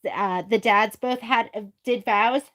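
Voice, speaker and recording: Speaking a little slowly in a slightly high, fairly bright voice, a middle-aged woman hosts a sewing shop's tutorial vlog. She chats on with gushing, rambling, filler-heavy stories, and the camera recording her sits on a filming arm.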